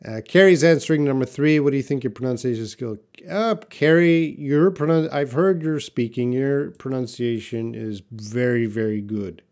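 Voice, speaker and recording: A middle-aged man hosting a live English lesson, reading chat comments aloud and modelling words slowly. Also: medium pitch, darkish tone.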